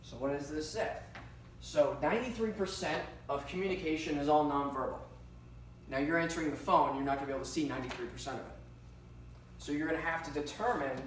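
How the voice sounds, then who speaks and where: A man teaching a class for emergency dispatchers, talking casually with lots of fillers and stories. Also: a little high. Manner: conversational, uses many fillers and personal anecdotes. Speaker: trainer for 9-1-1 dispatchers. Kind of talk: classroom lecture. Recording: very echoey room, distant mic, faint hiss.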